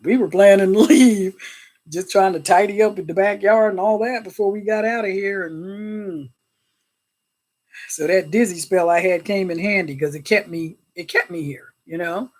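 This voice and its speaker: A woman's voice: mid-range voice, moderate pace, darkish tone. A woman chatting casually on a livestream, greeting viewers by name and often thanking God and Jesus. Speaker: livestream host.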